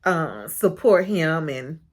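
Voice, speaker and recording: Woman, slow unhurried delivery, frank chatty recap host, laughs a lot. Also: low-pitched, sing-song. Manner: chatty, frank, laughs often while talking. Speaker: reality show recap host. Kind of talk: casual recap chat.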